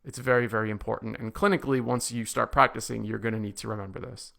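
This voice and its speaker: Man lecturing on drugs, gravelly voice. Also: on the low side, steady tone, quick pace, pushed and bright. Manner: explanatory, repeats key points for emphasis. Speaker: medical lecturer. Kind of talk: recorded pharmacology lecture.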